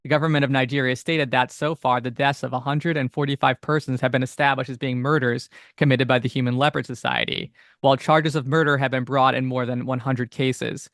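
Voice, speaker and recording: A man's voice: medium pitch, steady tone, fairly quick, a bit bright, dry recording, clean studio sound. A man co-hosting a podcast, reading old passages aloud steadily between casual, filler-heavy chat. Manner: reads old text steadily, chats with many fillers. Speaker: podcast co-host.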